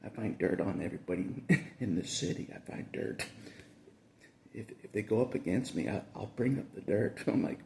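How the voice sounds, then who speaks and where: A man's voice: lowish voice, expressive, moderate pace, gravelly, mellow, slight background noise. A man talking in a casual rambling monologue, chuckling through his sentences and repeating himself. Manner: repeats phrases, restarts often. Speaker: vlogger.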